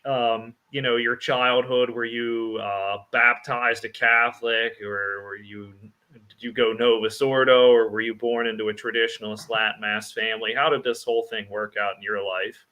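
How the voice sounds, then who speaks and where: A man hosting an interview asks questions in a casual, halting way, feeling for his words. His voice has a bright, forward edge. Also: medium pitch, steady tone. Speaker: interview host.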